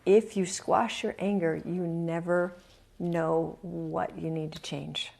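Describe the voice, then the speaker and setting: A woman speaking as host of her own talk, earnest and confiding, leaning on repeated phrases for emphasis. Her voice sits a little low with a gravelly edge. She tells the story candidly and openly. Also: level tone, slow pace, darkish tone. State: emotional, near tears at times.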